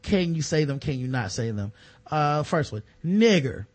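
A man co-hosting a comedic podcast, jokey and animated, laughing often. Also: medium pitch, moderate pace. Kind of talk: casual comedic chat.

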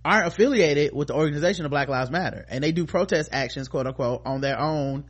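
A man's voice: a little high, fast talker, breathy edge. A man hosting a show, commenting casually on a viral video, loose and profane, often restarting his sentences.

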